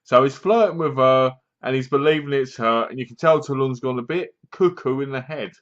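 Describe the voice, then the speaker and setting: A man retelling a horror movie plot for his review vlog, rambling and loose, with lots of fillers. His voice sits at a middling pitch. The recording is dull and lo-fi. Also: fairly quick. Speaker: film reviewer. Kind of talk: casual film review vlog.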